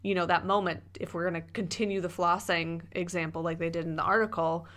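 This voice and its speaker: A woman's voice: fairly low pitch, steady tone, fast, a bit bright. A woman co-hosting a casual podcast, talking conversationally with frequent fillers. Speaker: podcast co-host. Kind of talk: casual chat.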